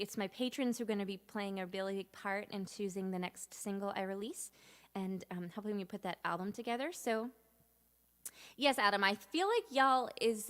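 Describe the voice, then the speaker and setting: A woman's voice: mid-range voice, a bit bright. A woman in her thirties from Cape Cod, talking casually to viewers on a live stream between songs, chatty and rambling, with no strong regional accent. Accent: General American (no Massachusetts accent). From Cape Cod, Massachusetts. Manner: chatty, rambling, self-deprecating, reads out viewer comments. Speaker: singer-songwriter.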